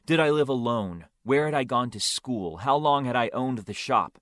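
Male audiobook narrator, first person, wry and understated, expressive pitch. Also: normal speed, no echo.

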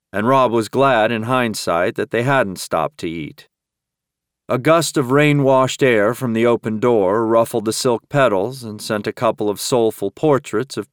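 A man narrating an audiobook in a steady, measured storytelling manner. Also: on the low side, clear, resonant tone, dry recording, clean studio sound. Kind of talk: scripted narration.

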